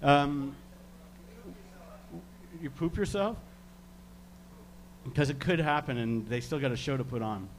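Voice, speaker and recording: A man from Canada, working as a stage hypnotist, giving slow, soothing suggestions and chuckling between them. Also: mid-range voice, lively intonation. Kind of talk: live hypnosis demonstration.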